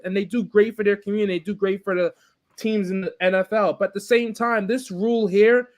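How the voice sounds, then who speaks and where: A young man co-hosting a sports podcast, ranting in casual chat with many restarts. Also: high voice. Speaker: podcast co-host.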